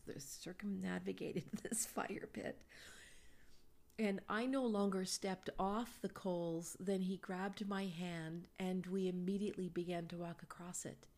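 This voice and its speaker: A middle-aged woman, a psychic reader, telling a personal story slowly with breathy, animated asides in a podcast Q&A. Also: on the low side.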